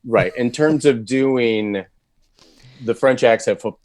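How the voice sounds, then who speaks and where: A man's voice: medium pitch, slow, a little mellow, dry recording. A male voice actor as an interview guest, chatting casually and telling a long story with many restarts. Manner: rambling storyteller with frequent restarts and laughs.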